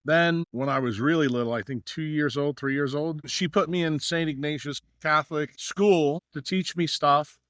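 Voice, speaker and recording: A man's voice: a little high, normal speed, few pauses, fairly bright tone, dry recording, clean studio sound. A middle-aged man from New York, a podcast guest telling long anecdotes with many fillers and acted-out dialogue. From New York, USA. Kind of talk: storytelling in a podcast interview.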